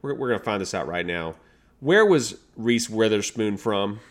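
Animated man ranting. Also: on the low side, moderate pace. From American South. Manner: animated, mock-outraged ranting. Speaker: podcast co-host. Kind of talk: casual chat reacting to movie trailers.

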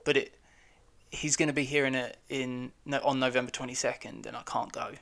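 A man's voice: mid-range voice, flat delivery, fairly quick, creaky, a bit bright. A young man co-hosting a podcast in casual chat, joking and goofy. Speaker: podcast co-host.

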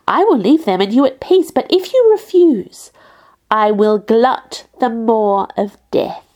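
A woman voicing an anguished, towering female creature who is bitter and menacing, in a slow, grave audiobook reading. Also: a little high, creaky, darkish tone, full character voice.

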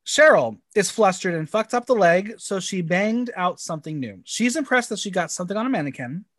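A man co-hosting a casual podcast, recapping a show with animated, campy, laugh-filled chat. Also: high-pitched, brisk, no room sound. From United States. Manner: animated, laughs often, camp and swearing.

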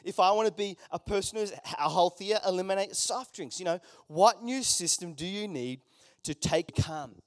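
A man's voice: high voice, normal speed, dry recording, clean studio sound. A man preaching a conversational sermon, with joking asides to the congregation in a church. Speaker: pastor.

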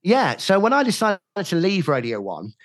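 Lively man telling wild stories. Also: high-pitched, moderate pace, no room sound, studio quality. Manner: animated, acts out quoted dialogue with laughs. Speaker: podcast guest, radio DJ. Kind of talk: anecdotal storytelling.

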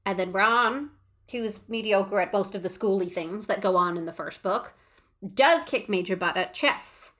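A woman talks through her reading of a book in an easy, conversational way. She is enthusiastic and analytical, and her speech is full of fillers. Her voice sits at a middle pitch. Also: a little slow, fairly bright tone. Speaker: podcast co-host. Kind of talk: casual book discussion.

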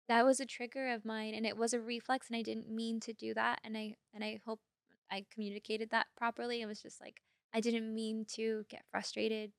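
A young woman chatting on a podcast in a bright, ringing voice that sits a little high. She talks in an animated, giggly way, full of "like" fillers, close to the mic in a dry room. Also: creaky, no echo. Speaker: podcast co-host. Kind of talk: casual podcast chat.

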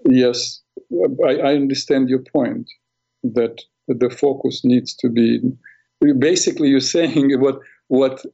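A man hosting a radio call-in show as a mental health practitioner, calm and affirming, with frequent fillers. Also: mid-range voice, vocal fry, dull audio.

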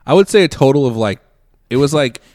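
A podcast co-host with a medium-pitched, slightly mellow voice speaks a little fast with lively intonation. He tells a story in casual chat, laughing often, in a studio-quality recording with no room sound.

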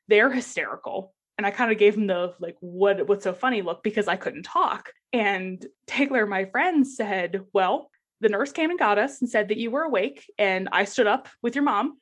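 Animated young woman telling a story. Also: mid-range voice. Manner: animated, laughs often, acts out quoted voices. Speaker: guest sharing personal story. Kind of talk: casual conversational storytelling.

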